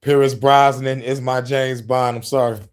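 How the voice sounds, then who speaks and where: A man in his thirties hosting a casual podcast, talking politics and movies with profanity, laughing often and breaking into loud shouted impressions. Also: medium pitch, little pitch movement, measured pace, clean tone. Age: 30s. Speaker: podcast host.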